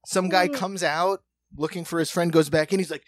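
A man telling a long story on a podcast in a lively, animated way, acting out other people's voices and laughing often. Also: a little high, normal speed, no echo. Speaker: podcast co-host. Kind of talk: casual storytelling chat.

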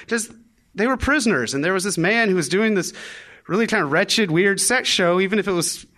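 A former prosecutor telling a comic story on stage, animated and acting out the people he quotes. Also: sits high, fairly quick.

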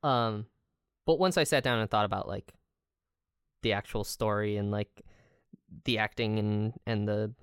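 Very low-voiced laid-back woman. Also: unhurried, long pauses, clean tone, dry recording, studio quality. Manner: laid-back, drawling, lots of filler words. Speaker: podcast co-host. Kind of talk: casual chat.

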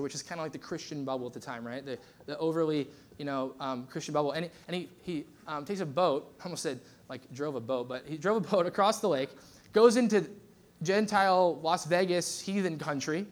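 A man's voice: a little high, expressive, brisk. A man preaching a conversational sermon as pastor, telling stories with lots of fillers and restarts.

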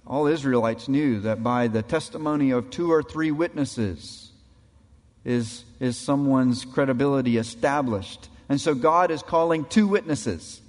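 A man's voice: medium pitch, measured pace, big-room sound. A man preaching a sermon, dramatically acting out the voices in the passages he quotes. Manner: dramatic, acts out quoted voices of God and people.

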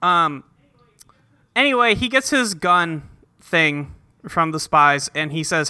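A man's voice: fairly high pitch, slow pace, bright, forceful tone, smooth. A man co-hosting a casual podcast, recapping a cartoon episode with jokes and frequent fillers. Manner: joking, hedges with fillers like um and anyway. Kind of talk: casual chat.

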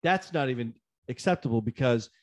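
A man in casual conversation, worked up as he retells a frustrating episode. He rants animatedly, voices the people he argued with, repeats himself and restarts sentences, and his voice shoots up when he gets riled. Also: fairly quick. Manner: animated ranting, jumps high in pitch when riled; acts out the other side of phone calls. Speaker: storyteller in a chat. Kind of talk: casual chat.

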